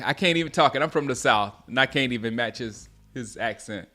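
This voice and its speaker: A man from South Carolina hosting a casual live stream, chatting with viewers and reacting excitedly to plays as he reads comments aloud. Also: medium pitch, brisk, faint music behind. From Gaffney, South Carolina. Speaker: sports livestream host.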